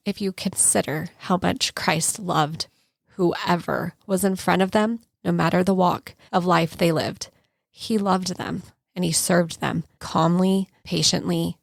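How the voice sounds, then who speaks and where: Gravelly, measured woman podcast host. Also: on the low side, fairly even intonation, no echo, studio quality. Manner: measured, earnest and unhurried. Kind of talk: calm devotional podcast closing.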